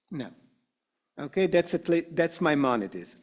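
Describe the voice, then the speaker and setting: Animated, slow-talking male teacher. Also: on the high side. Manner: animated, acts out quoted excuses. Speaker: adult education teacher. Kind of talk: classroom lecture. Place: synagogue classroom.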